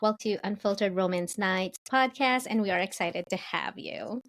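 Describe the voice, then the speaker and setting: A woman's voice: mid-range voice, normal speed, a bit bright. A woman co-hosting a podcast, reading introductions and questions in an upbeat scripted way. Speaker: podcast co-host.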